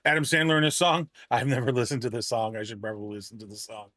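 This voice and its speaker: A man's voice: mid-range voice, fairly even intonation, quick pace, bright, forceful tone, dry recording, clean studio sound. A man chatting casually with his livestream audience, rambling and poking fun at himself as he trips over words. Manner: chatty, self-deprecating, stumbles over words. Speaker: game streamer. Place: home streaming setup.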